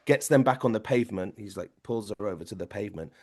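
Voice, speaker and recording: A man's voice: lowish voice, fast talker, darkish tone. Male, podcast producer type; rambling casual storyteller, checks in with tag questions.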